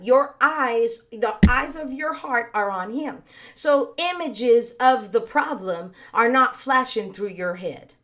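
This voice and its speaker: A woman with a bright, high voice preaches in an earnest, conversational way, taking her time over each thought. Her voice is a little raspy these days. She is leading an online worship service. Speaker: worship leader. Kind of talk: sermon with worship singing.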